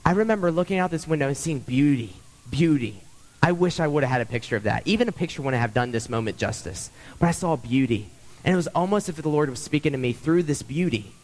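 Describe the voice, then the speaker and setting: A man's voice: on the high side, expressive, fast talker. A young man preaching a sermon as pastor, earnest and conversational, repeating phrases for emphasis.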